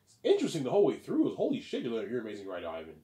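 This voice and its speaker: A gushing male fan, put on by a man, pours out profane praise in a raised, excited voice. He talks fast. Echoey room. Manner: gushing, profane, higher and louder.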